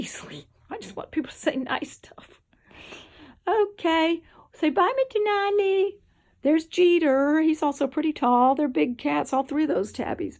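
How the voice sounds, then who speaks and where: A woman's voice: a little high, vocal fry. A tired woman, just up from a nap, rambling chattily at home in a casual vlog. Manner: rambling, chatty, drifts between topics. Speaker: vlogger. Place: home, indoors.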